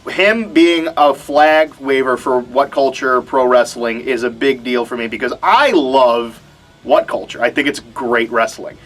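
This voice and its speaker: A man's voice: mid-range voice, unhurried, a bit bright, faint music behind. A young man hosting a wrestling vlog, chatting casually with a wry, mock-reluctant tone. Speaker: wrestling show host.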